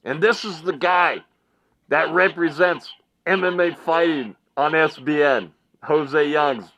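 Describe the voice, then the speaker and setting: A man's voice: fairly high pitch, slow pace, fairly bright tone. A man giving mocking commentary in a vlog, laughing often and repeating phrases like a ring announcer. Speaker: online commentary vlogger.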